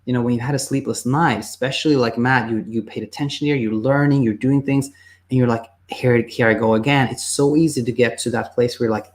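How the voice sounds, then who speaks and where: A man working as a sleep coach, answering viewer questions in a casual, halting way and acting out the voices he quotes. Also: medium pitch, steady tone, a little mellow.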